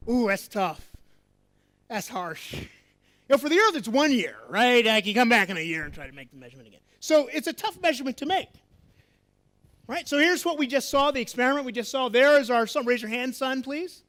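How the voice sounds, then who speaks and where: A man's voice: extremely high pitch, fast talker. A man giving an interactive astronomy lecture to a live festival audience, coaxing volunteers and quizzing the crowd. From USA. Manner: lively, coaxing, asks the audience questions.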